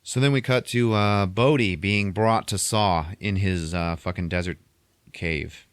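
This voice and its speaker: A man's voice: sits low, measured pace, clean tone, dry recording. A man hosting a podcast, retelling a movie in a rambling, profane way. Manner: rambling, heavy swearing, acts out scenes. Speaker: podcast host. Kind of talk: casual profane movie recap.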